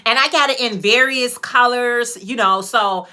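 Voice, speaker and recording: A woman's voice: fairly high pitch, pushed and bright. A woman from Chicago with a Chicago accent, chatting casually with her viewers on a livestream while she crochets hats. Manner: chatty, greets viewers by name, drawn-out phrases. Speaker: livestream host and crochet maker.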